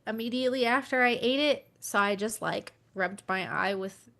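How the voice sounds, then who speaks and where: A woman's voice: fairly high pitch, normal speed, gravelly, fairly bright tone. A woman journalist co-hosting a casual motorsport podcast, matter-of-fact, reading out notes and race figures. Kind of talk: casual chat.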